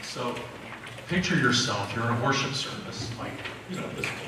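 A man preaching a sermon, telling it in a conversational, animated way with frequent restarts. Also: medium pitch, moderate pace, noisy background. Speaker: pastor. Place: large church sanctuary. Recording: echoey hall recording from far off.

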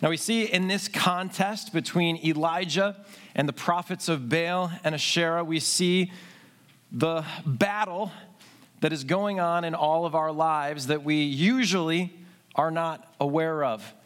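Earnest pastor with a higher male voice. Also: a bit bright. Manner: earnest, measured, with hesitant fillers. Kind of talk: sermon. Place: church service.

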